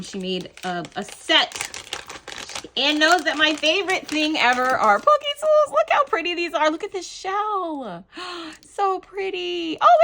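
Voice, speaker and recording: A woman's voice: mid-range voice, slight background noise. Gushing woman unboxing craft mail. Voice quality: gushing, excited, lots of fillers. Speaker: crafting channel host. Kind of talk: casual unboxing chat to camera.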